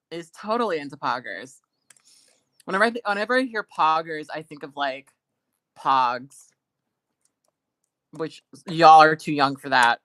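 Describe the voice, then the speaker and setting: A woman hosts a live call-in show, rambling casually with plenty of fillers. Her voice sits on the lower side. The recording is dry and close, with no room sound. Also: lively intonation, a little slow, pauses often, fairly bright tone, no room sound. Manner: rambling and playful, many fillers and restarts. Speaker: podcast host. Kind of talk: casual live-stream chat.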